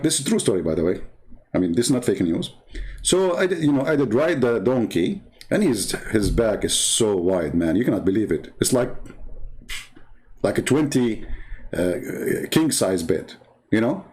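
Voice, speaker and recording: A man's voice: medium pitch, big pitch swings, normal speed, a little mellow. A man with an Arabic accent, a native Arabic speaker, hosting and telling a mocking story in a rambling, sarcastic way, full of fillers. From Arab world. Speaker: host, Christian apologist.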